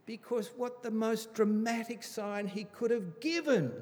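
Animated preacher, slightly high voice. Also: male voice, unhurried. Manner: animated, emphatic, chatty asides. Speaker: Bible teacher. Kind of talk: conversational Bible study sermon. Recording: reverberant hall.

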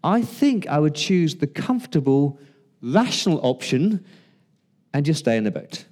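A man delivers a sermon in a mellow, relaxed voice that sits a little high. He talks to the congregation like a friend, throws out rhetorical questions and pauses for effect. He slips into quoted lines with a shifted voice. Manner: conversational preaching with rhetorical questions and dramatic pauses. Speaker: pastor.

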